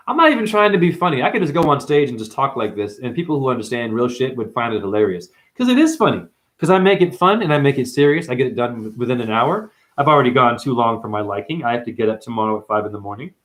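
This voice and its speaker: A man giving a rambling spiritual livestream monologue, profane and full of sudden jumps in pitch. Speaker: spiritual vlogger.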